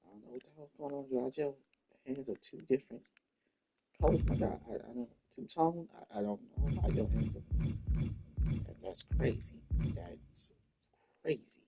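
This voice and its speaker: A man's voice: medium pitch, lively intonation, normal speed, creaky, background noise. A man muttering casual gameplay commentary to himself as he builds a character. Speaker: gamer creating a wrestler.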